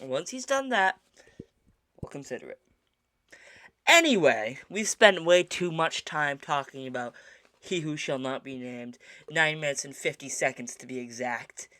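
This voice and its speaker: A man's voice: a little high, expressive, unhurried, pushed and bright, no echo, clean studio sound. A man co-hosting a casual podcast, talking in mock-serious indignation with lots of stammered restarts. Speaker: podcast co-host. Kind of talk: casual chat.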